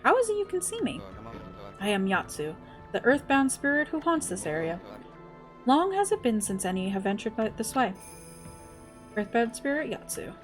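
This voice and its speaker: A woman's voice: fairly high pitch, big pitch swings, normal speed, pauses often, soft background music. A woman voicing a blind old male earthbound spirit, reading his game dialogue in a formal, archaic manner. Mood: solemn.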